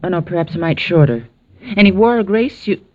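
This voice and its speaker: A woman in 1940s radio acting, playing a collector's earnest, quick-tempered young niece, on a dull old radio broadcast. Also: lowish voice, lively intonation, close to an everyday voice.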